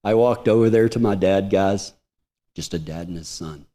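Preacher swinging loud and hushed. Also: male voice, normal speed. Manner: swings from loud high emphasis to hushed low tones. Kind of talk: sermon storytelling.

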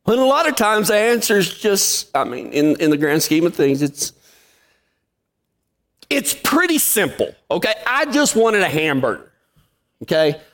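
A man's voice: high-pitched, sing-song, a little slow, fairly bright tone. A man preaching a sermon, telling a folksy story and acting out the dialogue. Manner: folksy, drawling anecdotes with acted-out dialogue. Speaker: pastor.

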